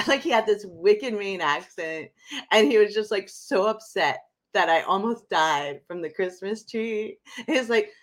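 A woman's voice: mid-range voice, animated, moderate pace, fairly bright tone. A middle-aged woman co-hosting a live podcast, telling a story dramatically and animatedly. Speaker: podcast co-host.

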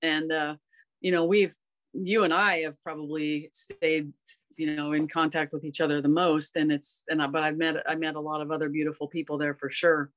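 A woman's voice: low-pitched, little pitch movement, normal speed. Earnest woman in her fifties telling stories. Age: 50s. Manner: earnest, rambling, emotional storytelling. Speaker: podcast guest, golf coach. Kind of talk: casual storytelling conversation.

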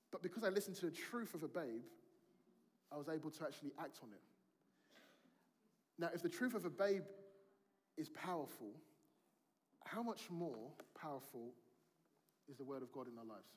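A man preaches in a relaxed, conversational way, weaving a family story into the sermon. He acts out the voices of his children as he tells it. His voice sits slightly higher than most men's. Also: normal speed.

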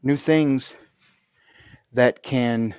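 A man's voice: mid-range voice, very slow, darkish tone, clean tone, no room sound, dull audio. A man hosting a podcast, delivering an earnest motivational monologue and repeating phrases for emphasis. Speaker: podcast host.

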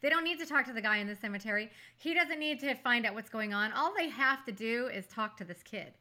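A woman co-hosting a movie review podcast, making her case with emphatic energy. Her voice is bright and forward. She leans on "like" and "you know" as she talks. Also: fairly high pitch, a little fast. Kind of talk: casual chat.

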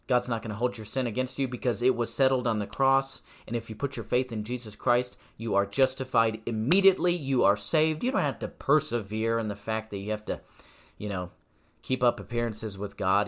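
A male podcast host preaching on the Bible with a mid-range voice. He pushes points hard, then drops low and quiet to drive them home. He throws in casual asides like "okay?" and "all right?" between slower, measured scripture readings. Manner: emphatic, swinging between loud insistence and low quiet stress; conversational asides and tag questions.

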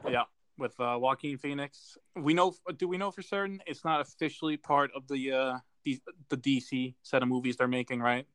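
A man's voice: mid-range voice, steady tone, normal speed, a bit bright, smooth, no echo. A man co-hosting a casual movie chat, talking with enthusiasm and plenty of fillers. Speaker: podcast co-host.

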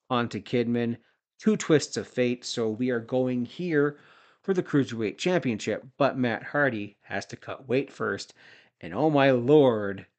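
A man from Canada in his forties, hosting a wrestling podcast in an unhurried, laid-back delivery. He drifts into jokey asides and shout-outs while he recaps matches at a mid-range pitch. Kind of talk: casual recap commentary.

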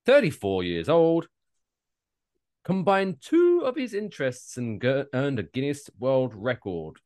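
A man co-hosts a casual comedy podcast, talking with a lively, swooping pitch that rises and falls a lot. He swears freely and rants in mock outrage, playing up his bits. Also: unhurried. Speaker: podcast co-host.

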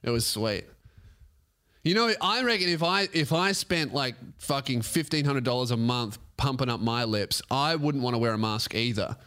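A man's voice: medium pitch, moderate pace, pushed and bright. A man with an Australian accent, a podcast host telling a comic story as a profane, mock-outraged rant.

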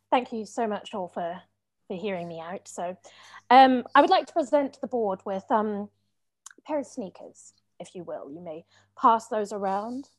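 A woman improvising a tearful ex-girlfriend who finds her nerve, animated and lilting. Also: mid-range voice, unhurried. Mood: formal. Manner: animated, lilting, prone to crying. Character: tearful, newly empowered woman, Michael's ex. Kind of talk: improvised comedy scene.

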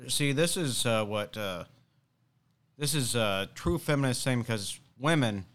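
Young man, podcast host, smooth clear voice, loose rambling delivery. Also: mid-range voice, lively intonation, measured pace, a bit bright. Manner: rambling, hesitant with many fillers. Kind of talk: casual chat.

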